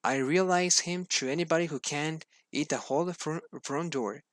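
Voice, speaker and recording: A scheming witch from a children's storybook, as a man reading aloud puts her on. The voice sits a little high and halts with fillers and restarts. The sound is close and dry. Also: moderate pace, no room sound, natural voice. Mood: bargaining.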